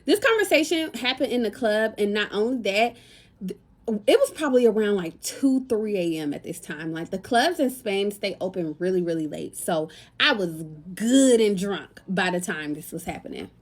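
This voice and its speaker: A young American woman, a lifestyle content creator, tells a casual storytime vlog. She's chatty, speaks straight to her viewers with lots of slang, and her medium-pitched voice is animated at a moderate pace.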